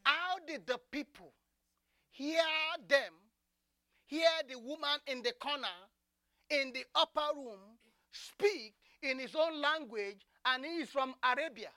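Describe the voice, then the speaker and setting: A preacher delivering a fervent sermon, mixing plain preaching with loud bursts of praying in tongues. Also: high-pitched, unhurried, no room sound, clean studio sound.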